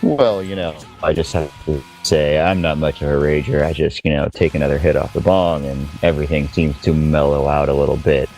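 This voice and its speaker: A man guesting on a gaming podcast, laid-back with deadpan jokes. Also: extremely low pitch, a little fast, hardly any pauses, faint music behind. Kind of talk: casual podcast banter.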